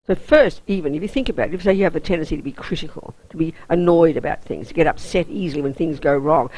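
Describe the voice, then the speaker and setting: A woman's voice: deep voice, animated, quick pace, hardly any pauses, a little mellow, slightly rough, low-quality recording. An Australian woman, a Buddhist nun, teaching a weekend course in an intense, emphatic, down-to-earth way.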